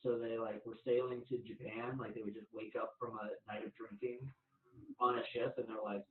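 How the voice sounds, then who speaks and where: A young male podcast host talking in an easygoing, laughing way. His voice sits at an ordinary pitch and carries the echo of the room. The sound is thin, like a phone line. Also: steady tone, normal speed, recorded from a distance. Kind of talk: casual chat.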